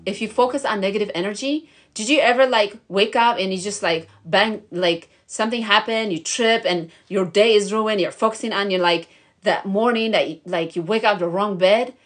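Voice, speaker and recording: Young woman, lifestyle vlogger, casual motivational chat to camera, bubbly, encouraging, laughs a lot, middle pitch. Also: moderate pace. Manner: bubbly and encouraging, many fillers, laughs often.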